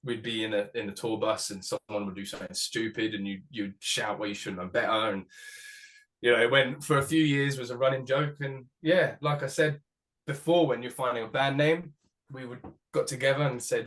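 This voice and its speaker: A musician being interviewed, talking casually with many restarts and the odd swear word. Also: male voice, medium pitch, a little fast, a bit bright. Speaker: musician guest.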